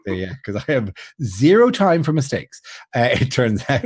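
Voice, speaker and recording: A man's voice: mid-range voice, big pitch swings, moderate pace, breathy edge, no room sound. Rambling self-mocking man, dry sound. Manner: rambling, self-mocking storytelling with frequent laughs and restarts. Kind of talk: casual chat on a charity livestream.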